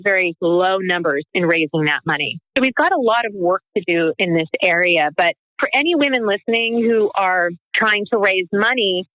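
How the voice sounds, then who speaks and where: A woman's voice: medium pitch, fairly bright tone, dry recording, highs cut off. A woman, a guest on a podcast, answering questions in an earnest, persuasive way and leaning on statistics. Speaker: guest, founder of a women's business group. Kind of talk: interview answers.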